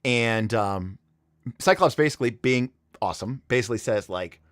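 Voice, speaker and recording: A man's voice: mid-range voice, expressive, normal speed, fairly bright tone, no echo, studio quality. A man hosting a livestream, chatting casually and telling a story with lots of fillers and restarts. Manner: rambling, enthusiastic storytelling with many fillers. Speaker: livestream host.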